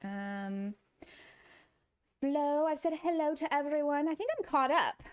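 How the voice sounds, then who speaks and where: A woman's voice: sits high, animated, a little slow. A woman with a Southern US accent, streaming a building game and chatting casually with viewers while laughing often. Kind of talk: casual chat.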